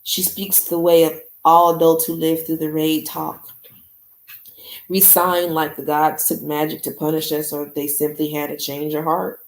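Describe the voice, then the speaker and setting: A woman's voice: deep voice, level tone, a little slow. A woman podcast host reading a novel aloud to her listeners, chatting casually in between. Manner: casual, chatty, says "y'all". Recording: echoey room.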